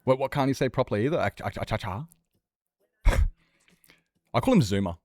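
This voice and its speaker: A man's voice: mid-range voice, lively intonation, quick pace, darkish tone, no room sound. A young Australian man chatting casually on a livestream, swearing freely and laughing often. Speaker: streamer.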